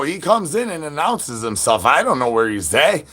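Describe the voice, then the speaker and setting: A man's voice: fairly high pitch, very animated, normal speed, a bit bright, husky. A man chatting with viewers on a livestream while standing outdoors, playful and full of goofy catchphrases and animal noises.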